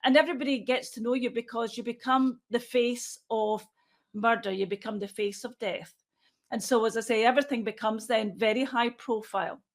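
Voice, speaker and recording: A woman in her sixties speaks in a voice a touch higher than most. She answers interview questions as a forensic pathologist, measured and matter-of-fact, often thinking aloud. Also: steady tone.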